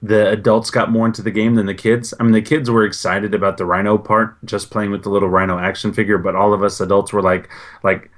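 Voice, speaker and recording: A man's voice: fairly low pitch, little pitch movement, fast talker. A man co-hosting a gaming podcast, telling stories in an easygoing, rambling way. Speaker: podcast co-host. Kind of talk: casual chat.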